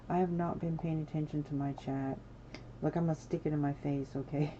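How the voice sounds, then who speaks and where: A woman with a low, gravelly, very mellow voice chats through a live game stream, apologizing to viewers and then suddenly exclaiming at what she sees. The audio is dull and lo-fi, with a faint hiss underneath. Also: fairly even intonation, fairly quick. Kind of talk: casual livestream chat while building in a game.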